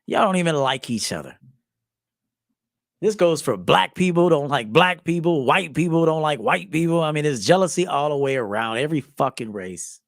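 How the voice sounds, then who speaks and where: Profane, animated man in his forties. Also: fairly high pitch, moderate pace, no echo, studio quality. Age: 40s. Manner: profane, animated storytelling with acted quotes and laughs. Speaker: men's life coach. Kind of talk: casual monologue to camera.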